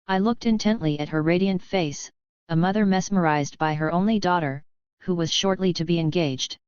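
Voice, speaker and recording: A woman giving a slow, grave, measured audiobook reading of first-person testimony. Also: fairly low pitch, a little mellow, clean tone, no room sound, highs cut off.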